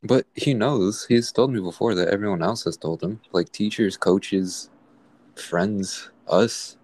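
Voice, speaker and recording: A young man co-hosting a casual podcast, laid-back and slangy, often agreeing and adding dark jokes. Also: on the low side, measured pace, no room sound. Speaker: podcast co-host. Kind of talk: casual chat.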